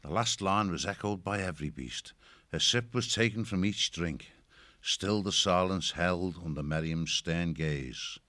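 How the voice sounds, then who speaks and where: A man narrating a storybook in a measured, descriptive reading. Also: low-pitched, pushed and bright, no echo. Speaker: audiobook narrator.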